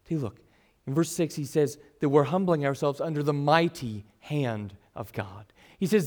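A middle-aged man preaching a sermon to his congregation, earnest, swinging between full emphasis and soft, quiet asides. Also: a little high. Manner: earnest, varies loudness widely, drops to soft asides. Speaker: pastor.

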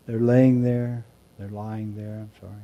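A man preaching a sermon, moving between quiet reflective passages and loud emphatic shouts. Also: fairly low pitch, little pitch movement, measured pace, muffled recording. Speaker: pastor.

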